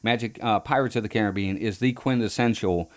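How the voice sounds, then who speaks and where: A man's voice: on the low side, brisk. A man co-hosting a theme park podcast in casual chat, rambling and restarting his phrases. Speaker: podcast co-host.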